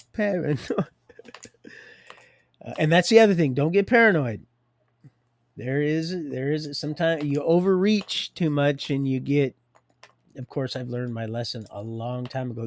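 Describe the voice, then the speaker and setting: A man hosting a livestream, rambling through faith talk, laughing often and swinging between loud and hushed. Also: fairly high pitch, gravelly, no echo. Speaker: livestream host.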